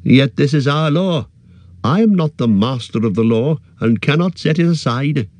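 A man's voice: mid-range voice, animated, darkish tone, dry recording, voice pushed up, lightly acted. A man reading aloud and voicing a stern, noble male elf guard leader who speaks formally and evenly. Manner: formal, measured.

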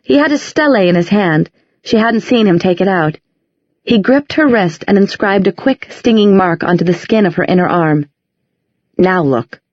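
A woman narrating an audiobook in a measured, descriptive storytelling manner, recorded in a dry, slightly muffled sound. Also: mid-range voice, darkish tone, dry recording. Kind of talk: scripted narration.

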